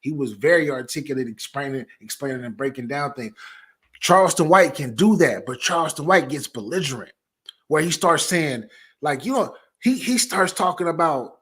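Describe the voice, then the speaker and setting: Podcast guy with a husky voice, animated, keeps restarting his words. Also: a little high, moderate pace. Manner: animated, repeats words while thinking. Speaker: podcast co-host. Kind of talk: casual sports debate.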